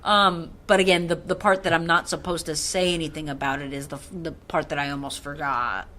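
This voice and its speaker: A woman's voice: sits low, fairly even intonation, a little fast, a bit bright. A woman co-hosting a casual podcast, giggly and scatterbrained, often laughing as she loses her train of thought. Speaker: podcast co-host. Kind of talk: casual chat.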